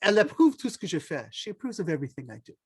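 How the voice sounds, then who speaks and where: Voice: medium pitch, very animated, rapid-fire, husky. A storyteller doing a stammering farmer. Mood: cheerful. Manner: stammering, mixes French into his talk. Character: cheerful, naive French-Canadian farmer.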